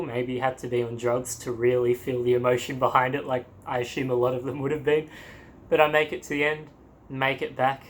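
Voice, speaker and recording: Young Australian man, mid-pitch, casual animated storyteller, laughs a lot. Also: slight background noise. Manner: animated, acts out quotes, laughs often. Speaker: travel vlogger.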